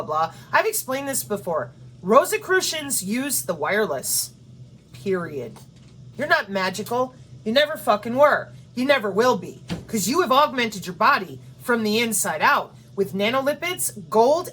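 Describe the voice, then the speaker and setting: A woman's voice: medium pitch, a bit bright, slight background noise. A woman hosting her own channel, delivering a profane, confrontational ranting monologue. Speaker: channel host.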